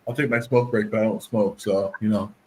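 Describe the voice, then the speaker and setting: A man's voice: lowish voice, fairly even intonation, fairly quick, a little mellow, rough recording. Man, casual stream chat, playful joker who acts out little voices, slight background noise.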